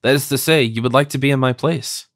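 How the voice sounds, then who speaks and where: A man reading an audiobook, voicing a shy young woman with a soft, hesitant way of speaking. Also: mid-range voice, fast talker, no room sound, studio quality, close to an everyday voice. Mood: timid. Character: shy, tender young woman close to tears.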